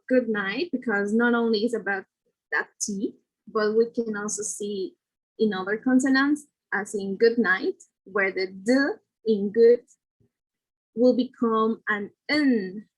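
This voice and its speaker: A woman's voice: on the high side, expressive, slow, husky, low-quality recording. A woman presenting a lesson, explaining step by step with fillers and self-corrections. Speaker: student presenter.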